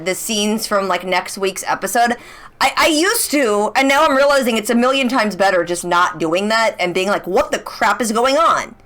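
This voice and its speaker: A young woman chatting casually as she recaps a TV episode. She is excitable, full of "like" and rhetorical questions. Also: a little high. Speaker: reaction channel host.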